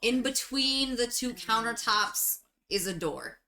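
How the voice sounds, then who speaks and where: A woman narrating a tabletop game as game master, relaxed and casual, with fillers. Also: fairly high pitch, slow pace, crowd noise.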